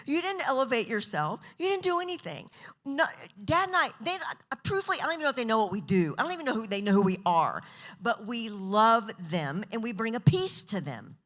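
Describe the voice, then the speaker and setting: Animated woman telling church stories. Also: fairly quick. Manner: animated, acts out quoted voices with big pitch jumps. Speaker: pastor's wife leading a women's talk. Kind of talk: casual sermon storytelling.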